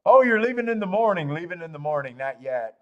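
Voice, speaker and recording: A man's voice: fairly high pitch, very animated, fast, narrow, tinny audio. A man hosting a live horse racing betting stream, chatting casually with viewers, swearing freely and laughing at himself often. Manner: profane, self-mocking, laughs often.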